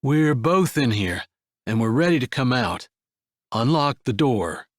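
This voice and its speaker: A man playing a grown farmer and father who speaks low and calm. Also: measured pace, no echo, studio quality, natural voice. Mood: firm. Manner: low, hushed, parental.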